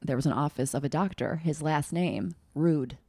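A woman hosts a podcast with a fairly low voice, chatty and blunt, laughing easily. She is recorded close and dry. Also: moderate pace, mellow, no room sound. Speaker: podcast host. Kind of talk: casual podcast chat. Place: rented home.

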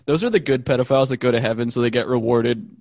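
A man's voice: medium pitch, quick pace, creaky, a little mellow, dry recording. Rambling guy, lots of "like", dry mic. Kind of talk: casual comedic chat.

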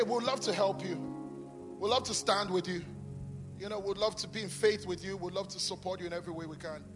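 A pastor leading a sermon altar call and prayer in a large church, fervent and repeating blessings over and over. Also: male voice, sits high. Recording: long church reverb with music behind.

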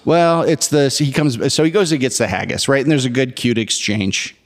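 A man's voice: mid-range voice, a little fast. A man in his forties co-hosting a podcast, chatting casually and acting out movie scenes as he retells them. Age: 40s. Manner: animated storyteller, acts out movie scenes. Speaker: podcast co-host. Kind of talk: casual chat. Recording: long hall reverb.

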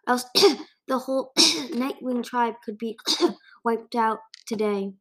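A woman's voice: on the high side, slow, fairly bright tone. A woman voicing an anxious, earnest young male dragon who calls out urgently.

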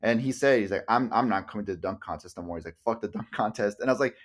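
A man's voice: on the low side, rapid-fire. A young man co-hosting a casual podcast, rambling with lots of "like", swearing freely and acting out what others said. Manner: rambling, full of "like", swears casually, acts out quotes. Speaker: podcast co-host. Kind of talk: casual chat.

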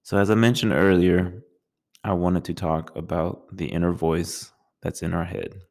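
A man with a low, flat voice gives a calm talk on meditation. His delivery is slow and soothing, and each phrase is measured. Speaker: meditation teacher.

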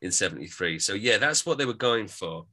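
A man's voice: lowish voice, animated, a little fast, sharp tone. A man, co-hosting a music podcast in casual chat, explaining things with lots of restarts. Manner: chatty, explanatory, with many restarts. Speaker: podcast co-host.

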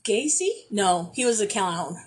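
Give me a woman podcast co-host in casual chat who swears a lot and speaks slowly. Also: medium pitch, animated, breathy edge. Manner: swears a lot, trails off searching for words.

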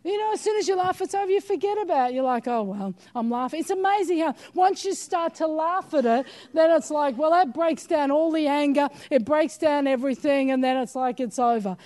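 High-voiced older woman preaching emphatically. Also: brisk, hardly any pauses, warm tone. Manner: emphatic, urging with repeated "come on". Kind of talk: sermon.

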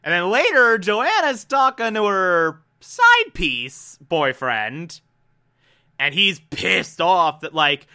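A man casually recapping a TV episode, animated and profane, acting out characters' lines as he goes. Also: on the high side, takes it slowly, long pauses, clear, resonant tone. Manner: animated, profane, quotes characters mid-story. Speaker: TV recap commentator.

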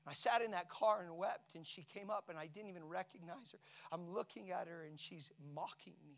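High-voiced man preaching with emotion. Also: fairly quick. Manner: emotional storytelling preaching, swinging from hushed to shouting. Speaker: pastor. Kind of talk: sermon.

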